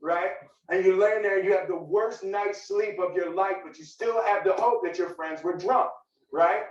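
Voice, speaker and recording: A man telling a long personal story to a meeting, lively and repetitive, asking "right?" a lot. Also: high-pitched, moderate pace. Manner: animated, repetitive, asks "right?" often. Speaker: guest speaker. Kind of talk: storytelling talk. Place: office meeting room. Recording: echoey, distant, dull room recording.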